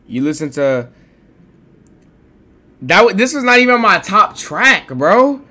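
A young man on a live stream, talking fast and excitably and repeating his protests. His voice sits a bit high, with a bright edge and pitch that swings all over the place. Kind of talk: casual live-stream reaction.

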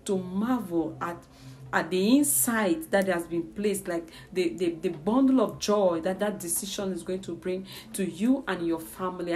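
A woman's voice: on the low side, darkish tone. A woman preacher delivering a heartfelt prophetic word to her online followers, repeating key phrases with fervent emotion.

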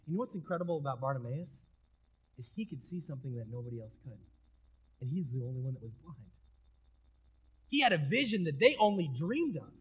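A male pastor delivers a sermon in a fairly high, slightly husky voice. He preaches in a relaxed, conversational way. He swings from loud, emphatic bursts to quiet, intense stretches.

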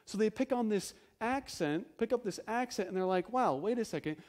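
High-voiced emphatic preaching pastor. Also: male voice, lively intonation, moderate pace. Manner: emphatic preaching with rhetorical questions; swings between loud stresses and hushed low phrases. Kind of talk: sermon.

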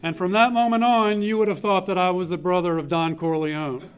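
A man's voice: sits high, fairly even intonation, brisk. Man in his fifties giving a eulogy. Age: 50s. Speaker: eulogist, younger brother of the deceased. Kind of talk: memorial eulogy, personal storytelling. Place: funeral home chapel.

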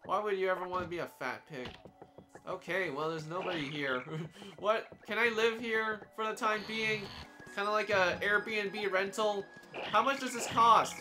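A young man giving casual, joking gameplay commentary as he plays, sarcastic and quick to laugh. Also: high voice. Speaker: let's play commentator.

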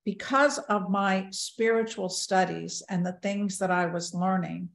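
Older woman, mid pitch, first-person storyteller who acts out her own thoughts, roomy sound. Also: steady tone, measured pace, creaky. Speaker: near-death experience speaker. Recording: roomy echo.

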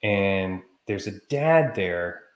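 Guy on a podcast getting worked up telling a story, lowish voice, kinda echoey room. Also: drawn-out words. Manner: animated, heated storytelling. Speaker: podcast co-host. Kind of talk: casual chat.

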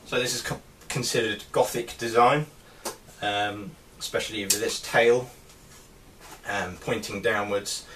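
Man, low-pitched voice, casual show-and-tell vlog, hesitant with lots of ums, recorded from a distance. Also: steady tone, unhurried. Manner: hesitant, many ums and restarts. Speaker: artist showing his helmet collection. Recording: distant mic with faint background noise.

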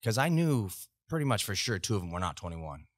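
American man, deep voice, casual profane war story, dry close mic. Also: fast, dry recording. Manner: profane, animated anecdote telling. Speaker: podcast guest, Army veteran. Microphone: podcast studio mic.

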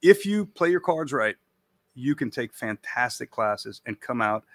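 A man's voice: mid-range voice, sing-song, a little slow, a bit bright, dry recording. A man from Louisiana, a priest, chatting casually as a guest with frequent restarts and repeated words. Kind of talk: casual conversation.

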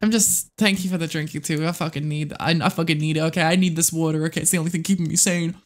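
A young adult streamer giving live game commentary, excitable and prone to swearing, rambling to viewers and to themselves. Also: mid-range voice, fast. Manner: rambling with frequent restarts and self-talk.

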